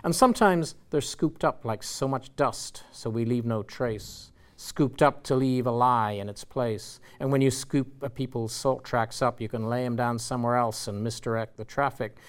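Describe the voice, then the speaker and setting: A man's voice: medium pitch, fairly even intonation, moderate pace, hardly any pauses, clear, resonant tone, natural voice. A man with an Irish accent reading out the words of an insistent old grandfather storyteller, in a raised, emphatic voice.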